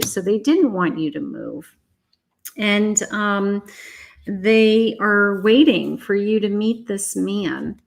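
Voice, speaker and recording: Slow, soothing woman reading tarot. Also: mid-range voice, creaky. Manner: slow, soothing, reassuring, talks straight to the viewer. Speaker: psychic tarot reader. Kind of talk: live-stream tarot reading.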